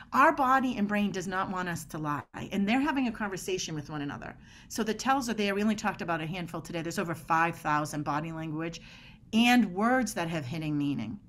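A woman talks with punchy emphasis and quick energy, acting out short quoted exchanges to drive her points home. Her voice sits at a middle pitch, and a faint hiss runs under it. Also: animated, a bit bright. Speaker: body language expert guest. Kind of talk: animated podcast conversation.

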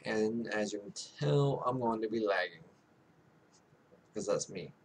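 Soft-spoken man rambling over game audio. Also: fairly low pitch, expressive, a little slow, slight background noise. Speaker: gaming YouTuber. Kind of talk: casual let's-play commentary.

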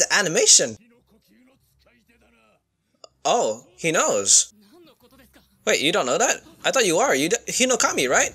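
Excitable young man reacting to anime. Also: high-pitched, moderate pace, pauses often. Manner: excitable, swears a lot, sudden loud outbursts. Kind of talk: casual reaction commentary.

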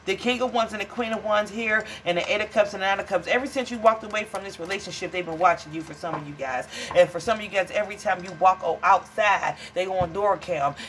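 A woman's voice: mid-range voice, fairly bright tone, slight background noise. Blunt, profane woman reading tarot. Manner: chatty, calls viewers honey and child. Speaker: tarot reader. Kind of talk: casual tarot reading to viewers.

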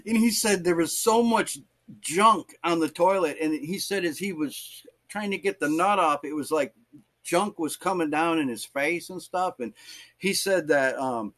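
A male pastor tells a sermon story to his church. His voice sits a little high for a man. He slips into the voices of the people in the story as he goes. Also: measured pace. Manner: animated, acts out voices in stories.

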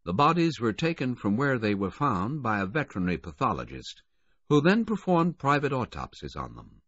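A grieving wealthy father in an audiobook, holding his voice steady under strain, as a male narrator plays him. The voice is husky and lively in pitch, and the recording is dry and dull. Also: moderate pace, no echo. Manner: even, controlled but strained.

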